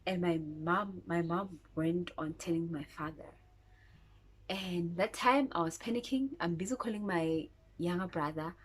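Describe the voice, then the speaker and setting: Slow-talking South African woman vlogger. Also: lowish voice. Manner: chatty, drops into whispered asides. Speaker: YouTuber. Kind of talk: casual storytime vlog.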